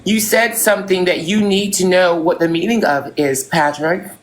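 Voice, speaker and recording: A woman's voice: lowish voice, fairly even intonation, normal speed. A woman hosting a casual live stream, poised and dry in how she answers. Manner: poised, dry, self-assured. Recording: faint background noise.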